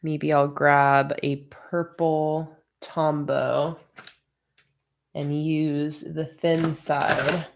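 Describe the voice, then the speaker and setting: A woman's voice: sits low, flat delivery, very slow, vocal fry, a little hiss or hum. A sleepy, yawning woman hosting a casual planning livestream, chatting with viewers as she thinks aloud. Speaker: bullet journal livestream host. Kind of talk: casual livestream chat while crafting.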